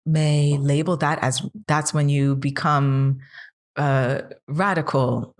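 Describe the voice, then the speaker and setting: A woman's voice: low-pitched, steady tone, slow. A woman in her thirties talking casually as a podcast co-host, earnest and questioning, building up as she makes her point. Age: 30s. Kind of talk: casual chat.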